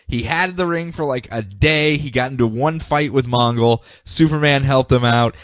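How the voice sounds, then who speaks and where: A podcast co-host recaps comic books in casual chat, telling the story with animation and leaping into goofy character voices. He speaks at medium pitch and a moderate pace, with clean studio sound and no room sound.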